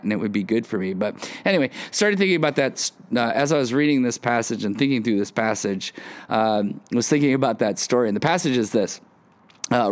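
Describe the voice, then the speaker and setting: A man preaching a casual sermon, rambling with many fillers and self-deprecating humor. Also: mid-range voice. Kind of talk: casual sermon with personal story.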